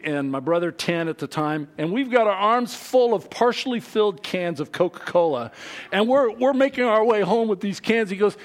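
A middle-aged man preaching a sermon, telling a childhood story in an animated way, swinging from loud to quiet. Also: high voice. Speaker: pastor.

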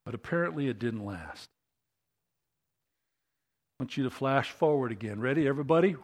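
Lively, animated male preacher. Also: medium pitch, normal speed. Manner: animated, conversational, asks the congregation questions. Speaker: pastor. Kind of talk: sermon.

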